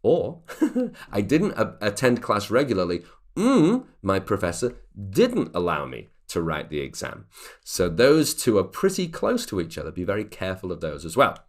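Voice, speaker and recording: A man teaching an English grammar lesson, explaining clearly and reading example sentences aloud. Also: sits low, very animated, moderate pace.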